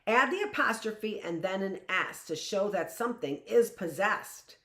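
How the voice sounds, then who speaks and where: A middle-aged woman teacher giving a live reading lesson to young children, slow and emphatic, repeating key phrases and checking in with "right?". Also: medium pitch, animated, a bit bright, echoey room.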